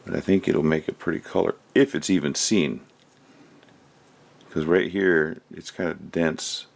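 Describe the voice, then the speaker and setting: Low and steady with vocal fry, this man speaks at a measured pace. Crafting with resin at home, he keeps up a loose, chatty commentary, thinking out loud while he works.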